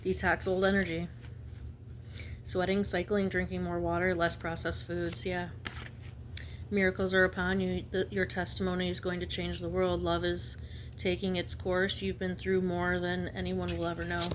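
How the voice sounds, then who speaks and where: A woman giving a spiritual reading in a blunt, fervent way, halting often to restart her sentences. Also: fairly low pitch, monotone, a little hiss or hum. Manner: emphatic, halting with many restarts; blunt and fervent, slips into slang. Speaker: intuitive reader.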